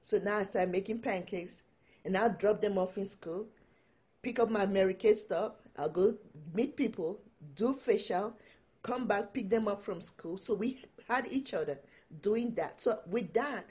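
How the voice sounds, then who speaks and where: A middle-aged woman, a guest empowerment coach, telling her story in a casual interview, animated and laughing often. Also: mid-range voice, unhurried.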